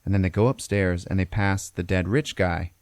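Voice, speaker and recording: A man with a very low voice walks through a film plot casually, cursing freely and tagging lines with "okay?" and "all right?". The recording is dry and close. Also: fairly even intonation, normal speed, darkish tone, no echo. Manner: profane, peppers lines with "okay?". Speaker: podcast host.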